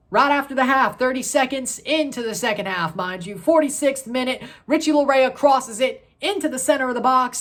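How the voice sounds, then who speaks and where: A woman in her thirties hosting a casual sports review vlog, excitable and rambling, correcting herself as she goes. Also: on the high side. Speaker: sports channel host.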